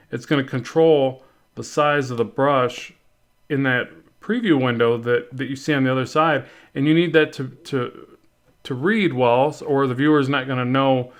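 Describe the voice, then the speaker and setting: A man teaching drawing in a casual tutorial, thinking aloud as he works and correcting himself often. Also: mid-range voice. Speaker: art instructor.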